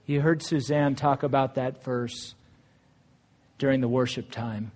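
A man's voice: mid-range voice, steady tone, a little slow, a little mellow. A married man preaching a sermon in a church, earnest and conversational, reading scripture aloud. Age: adult, married. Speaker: pastor.

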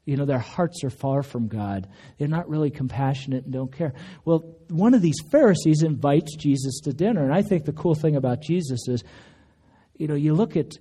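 A male pastor gives a relaxed, conversational sermon in a church, his voice mellow and a little higher than most men's. He tells stories casually and slips into raised, animated voices for the quotes. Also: moderate pace, slightly rough. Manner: conversational storytelling, acts out quotes with raised pitch. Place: church sanctuary.

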